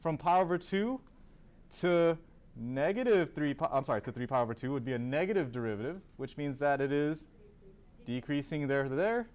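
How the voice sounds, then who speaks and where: A man's voice: a little high, lively intonation, moderate pace, a little mellow. A man teaching a calculus class, asking students questions, then answering them himself and repeating key terms. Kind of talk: classroom lecture.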